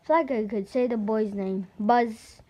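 Slow, careful woman reading a picture book. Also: on the high side, mellow. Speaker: storybook reader. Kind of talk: reading a children's book aloud.

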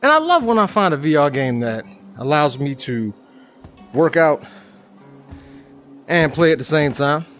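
Guy playing a vr fighting game, trash talks and hollers, high bouncy voice, music going behind. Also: very animated, unhurried, pauses often. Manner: trash-talking and hyped, with loud whoops; chatty asides to viewers. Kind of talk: live gameplay commentary.

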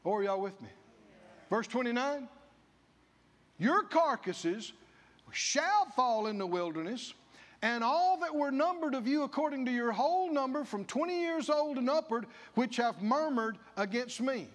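High-voiced preacher in a reverberant hall. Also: male voice, animated, a little slow. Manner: folksy, acts out the people's grumbling in character voices. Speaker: pastor. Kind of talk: sermon. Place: church.

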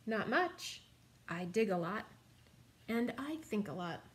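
A woman voicing a humble, unhurried little male wombat in a read-aloud storybook. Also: medium pitch, very animated. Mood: modest.

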